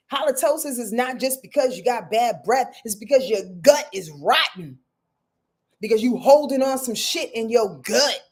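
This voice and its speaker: A woman's voice: a little high, husky. A woman astrologer hosting a live weekly forecast, talking straight to her viewers in an emphatic, preachy way and repeating phrases for effect. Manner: talks straight to viewers with "y'all", affectionate. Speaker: astrologer and show host.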